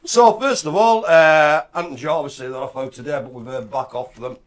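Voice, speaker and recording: A man's voice: on the high side, fairly quick. A man co-hosting a casual live stream, bantering and joking. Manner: jokey, lively banter. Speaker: co-host.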